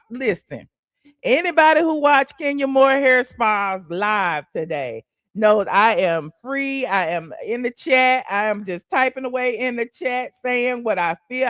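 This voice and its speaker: A woman's voice: on the high side, dry recording. Sassy woman dishing gossip. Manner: sassy, chatty, calls the audience honey and child; laughs often and hums "mm-hmm" between points. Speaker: celebrity gossip livestream host. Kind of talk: casual gossip livestream.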